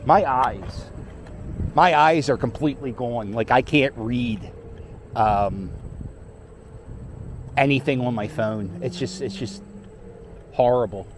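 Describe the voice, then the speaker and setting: A man's voice: medium pitch, takes it slowly, long pauses. A middle-aged man, chatting casually and joking with some cursing as he rides through city streets. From Philadelphia. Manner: rambling, joking, profane. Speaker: vlogger riding a scooter. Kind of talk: casual chat while riding. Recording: faint street noise.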